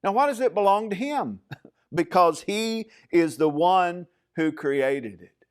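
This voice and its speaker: A man preaching a sermon from the pulpit, his voice sitting a little high. He talks in a measured, emphatic way and slips in plenty of fillers as he works through the text. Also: animated, smooth. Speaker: pastor. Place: church.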